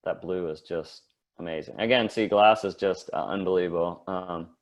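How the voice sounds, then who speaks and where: A man's voice: deep voice, normal speed. A man giving a casual slide talk as a guest artist, rambling with many fillers and restarts.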